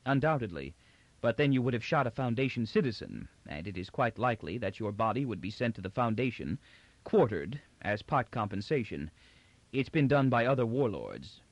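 A man voicing a bold young man who stays steady and firm under threat, in a dull, dry recording. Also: medium pitch, moderate pace, no room sound. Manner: steady, firm, calmly assertive. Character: bold young male trader, coolly defiant.

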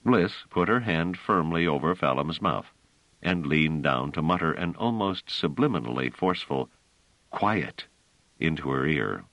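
Deep-voiced man narrating an audiobook. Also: no echo, rough recording. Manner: measured, expressive storytelling.

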